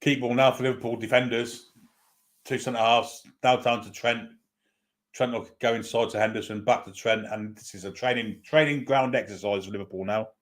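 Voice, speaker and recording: A man's voice: mid-range voice, steady tone, normal speed. A man giving partisan live play-by-play commentary on a football match as a fan, with running asides.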